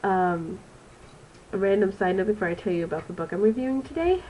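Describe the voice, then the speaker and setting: A woman's voice: mid-range voice, expressive, a little fast, darkish tone, slight background noise, low-quality recording. A woman in her twenties with a stuffy, nasal voice from allergies, giving a rambling, casual book review on her vlog. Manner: chatty and rambling, with frequent ums. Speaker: student teacher reviewing a book.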